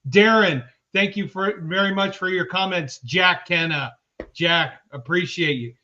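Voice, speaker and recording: Upbeat high-voiced man reading chat names. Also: unhurried, a little hiss or hum. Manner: upbeat, shouting out viewers by name. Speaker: podcast co-host reading the chat. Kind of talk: casual live-stream chat. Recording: dull lo-fi stream audio.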